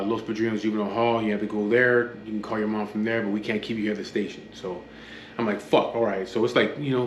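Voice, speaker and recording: A man's voice: on the low side, fairly bright tone. A man tells his story in a blunt, matter-of-fact way, swearing freely. He plays the other people's lines in his own voice. The room echoes, and a faint hum sits behind him. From Los Angeles area. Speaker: guest telling his life story. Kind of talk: casual personal storytelling.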